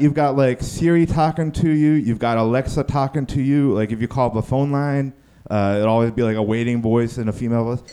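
A man performing a stand-up comedy set, telling stories and acting out the people in them, sometimes yelling. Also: mid-range voice, clear, resonant tone. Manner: animated, acts out quotes in yelling voices.

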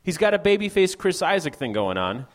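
Lively joking male stage host. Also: high-pitched, brisk. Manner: joking, teasing, swears. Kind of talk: live stage interview. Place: comedy stage before a live audience.

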